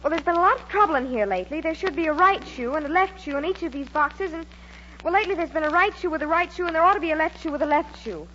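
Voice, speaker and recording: A flustered young shop clerk. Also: female voice, high voice, expressive, fast, sharp tone. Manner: flustered and hesitant. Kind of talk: 1940s radio acting. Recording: dull vintage radio broadcast, faint hum.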